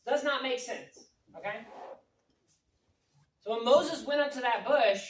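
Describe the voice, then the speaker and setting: A woman preaching a lively, jokey, conversational sermon to young people in a meeting hall. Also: a little high, measured pace, pauses often. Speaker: youth pastor. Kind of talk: youth sermon. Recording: roomy echo from a distant mic, faint noise.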